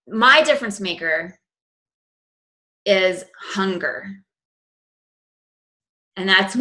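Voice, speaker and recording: A woman's voice: medium pitch, sharp tone, low-quality recording. A woman in her forties giving a motivational business coaching talk, earnest and conversational with lots of "you know". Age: 40s.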